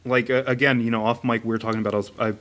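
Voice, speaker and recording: Man in his thirties, podcast co-host, mid-pitched, rambling and profane, acts out voices in anecdotes. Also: level tone, very fast, a bit bright. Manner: rambling and casual, swears a lot, acts out voices in stories. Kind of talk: casual chat.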